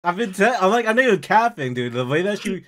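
Male reaction host, upbeat and slangy, pitch on the high side and very lively. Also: quick pace. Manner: hyped, slangy, says "dude" and "bro". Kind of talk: excited reaction chat.

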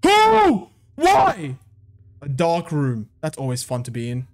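A man's voice: on the high side, huge pitch swings, slow. A young man giving panicky, swearing commentary while playing horror games, jumping between fear and mocking jokes. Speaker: gaming video creator.

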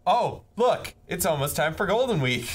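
A man's voice: high voice, big pitch swings, normal speed, breathy edge. A young man teasing and joking wryly during a game playthrough. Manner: wry, teasing. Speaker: let's play commentator. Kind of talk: casual gaming chat.

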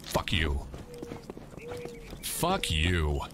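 A man's voice: rumbling low, huge pitch swings, very slow, exaggerated voice. An actor voicing rude, hostile male townsfolk in a video game, cursing and insulting. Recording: loud game noise behind.

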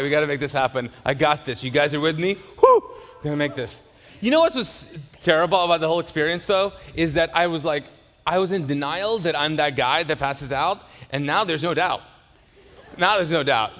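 A man preaching in a church hall with a long, ringing reverb. His voice sits a little high for a man. He tells his story in an animated way, acts out the other voices and jokes with the crowd. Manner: joking with the congregation. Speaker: pastor. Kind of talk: sermon.

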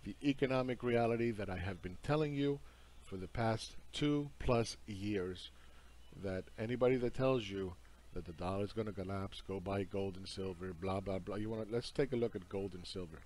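Lower-voiced man lecturing insistently. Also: normal speed, a little mellow. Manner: emphatic, insistent, scornful. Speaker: market commentary host. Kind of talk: lecturing over charts.

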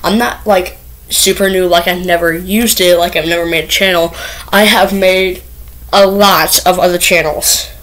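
A woman's voice: on the low side, steady tone, moderate pace, a bit bright, low-quality recording. A woman vlogging to camera, nervous and rambling, with lots of filler words and restarts. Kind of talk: casual first vlog to camera.

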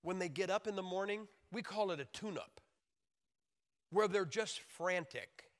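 A man preaching a sermon in an emphatic, joking way, now and then mimicking wailing babies with high shouts. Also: a little slow. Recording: long hall reverb.

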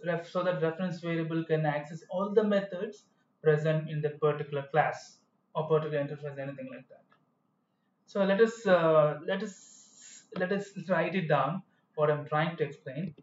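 Rambling man teaching code. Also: fairly high pitch. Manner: rambling, self-correcting explanations. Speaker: programming tutor. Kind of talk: screen-recorded coding tutorial. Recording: echoey, dull room sound.

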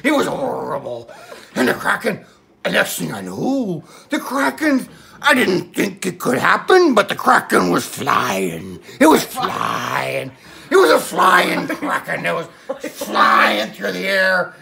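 A woman doing a gravelly old pirate captain. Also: lowish voice, very animated, takes it slowly, pushed and bright, exaggerated voice. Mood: excited. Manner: rambling, theatrical yarn-spinning with laughs. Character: boastful old male pirate captain, rum-loving storyteller. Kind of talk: comedic character sketch.

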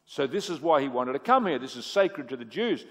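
A man preaching a sermon. He swings from booming emphasis to hushed asides and asks the audience questions. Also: sing-song, a little fast. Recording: echoey hall with long reverb.

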